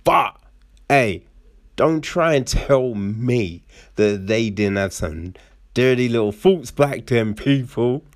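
A man in a casual book review, rambling with frequent asides and acting out characters in quick quoted voices. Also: medium pitch, lively intonation, dry recording, studio quality. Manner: rambling with frequent "right?" and "you know".

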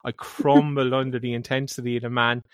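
A man's voice: mid-range voice, a little fast, clear, resonant tone, no echo, studio quality. A man with a Cork Irish accent, co-hosting a podcast and telling a long anecdote, padding it with "like, you know.". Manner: animated anecdote with lots of filler "like, you know". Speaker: podcast co-host. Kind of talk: casual storytelling chat.

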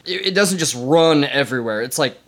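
A man's voice: on the high side, animated, fairly quick, fairly bright tone. Rambling, jokey man co-hosting. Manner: joking, explains facts in a rambling way. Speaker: podcast co-host. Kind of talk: casual chat.

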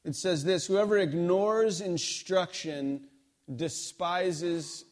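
A man's voice: high voice, takes it slowly. A middle-aged man preaching a sermon, in conversational storytelling with acted-out dialogue. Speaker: pastor.

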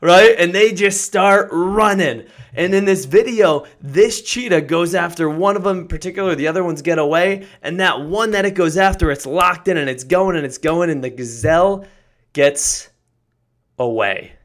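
A man hosting a podcast, giving an energetic, emphatic motivational talk that builds to excited shouts. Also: on the high side, moderate pace. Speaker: podcast host.

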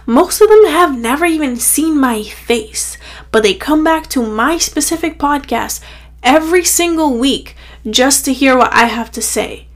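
Young woman podcaster, fairly high voice, casual rambling pep talk, tired and slightly breathless. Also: normal speed, a bit bright. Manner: chatty, rambling, heavy filler "like". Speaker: podcast host.

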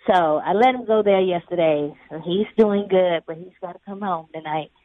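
This woman's voice sits on the low side and moves at a moderate pace. Joining a casual interview by phone over a tinny connection, she rambles in a laid-back way and laughs a lot.

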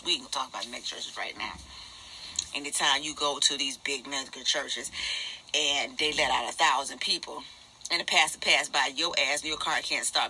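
Male comic as an indignant single mom, ex-nurse, cussing nonstop, gravelly, very bright and cutting edge. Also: on the high side, heavily acted. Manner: profane, fast, indignant ranting. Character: furious middle-aged woman, former nurse, single mother. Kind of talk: ranting stand-up character monologue.

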